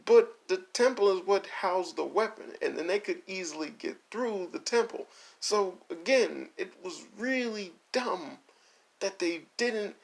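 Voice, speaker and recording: A man's voice: high voice, lively intonation, gravelly. A man in a casual, exasperated rant reviewing an anime, swearing and laughing as he mocks the characters. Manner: mocks characters in quick put-on voices. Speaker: video essay host.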